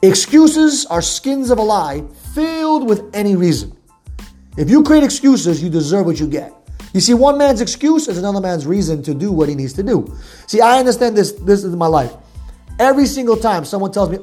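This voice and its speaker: A man with a warm, relaxed tone delivers a motivational sales talk. He talks bluntly, drops the odd curse, and stacks up repetitive lists to drive each point home. Faint music plays softly behind him. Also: sits high, normal speed. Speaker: sales coach.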